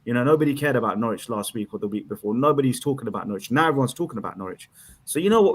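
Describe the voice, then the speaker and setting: A man calling in to a fan chat show, excitable, laughing often and repeating himself as he talks. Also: mid-range voice, racing, slightly rough. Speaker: caller.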